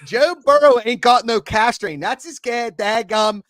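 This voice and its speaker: A man putting on a loud, boastful Pittsburgh football fan with a Pittsburgh accent. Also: very high-pitched, measured pace, no room sound, studio quality, pitched above the performer's own voice. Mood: fired-up. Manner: boastful, heated trash talk.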